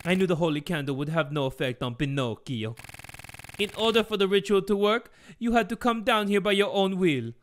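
A man voicing a scheming old father and cult villain, gloating slowly in a strange put-on accent. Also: high voice, lightly acted.

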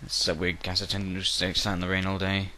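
A man's voice: low voice, monotone, quick pace, bright, forceful tone, a little hiss or hum. A young man giving casual game commentary at home, rambling and jokey and breaking into silly voices. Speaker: let's play commentator. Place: bedroom at home.

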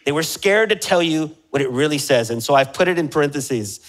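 A man's voice: fairly high pitch, animated, normal speed, fairly bright tone, poor audio. A man preaching a sermon as pastor, with passionate emphasis that rises and falls, asking the congregation direct questions. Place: church sanctuary.

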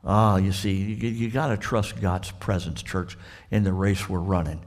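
Southern preacher acting out a Bible story. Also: male voice, low-pitched, a little slow. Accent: Southern American. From Florida. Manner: animated storytelling preacher, acts out the characters' dialogue. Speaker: pastor. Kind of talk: sermon.

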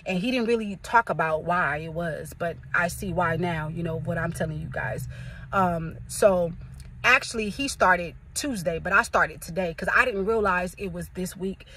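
A woman's voice: fairly low pitch, moderate pace, pushed and bright, distant mic, slight background noise. A young woman from California, a prophetess, preaching casually and rambling, repeating phrases for emphasis.

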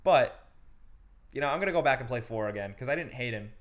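A man's voice: medium pitch, lively intonation, fast. A man hosting a casual chat about video games, talking loosely and swearing freely. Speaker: gaming show host.

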